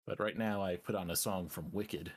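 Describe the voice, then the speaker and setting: A man streaming a game and chatting casually, run down and talking in a relaxed, rambling way. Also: low-pitched, normal speed, breathy edge. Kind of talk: casual chat.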